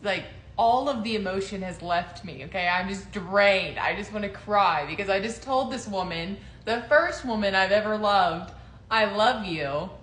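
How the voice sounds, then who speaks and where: Animated young woman telling a story. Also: medium pitch, moderate pace. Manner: animated, laughing, acts out quotes. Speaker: co-host telling their story. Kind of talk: casual storytelling chat. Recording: roomy echo, faint noise.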